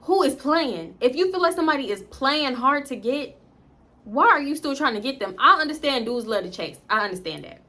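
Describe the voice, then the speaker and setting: Bright-voiced woman telling a story. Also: sits high, brisk. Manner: animated, blunt, profane, talks straight to viewers. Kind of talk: casual storytime vlog.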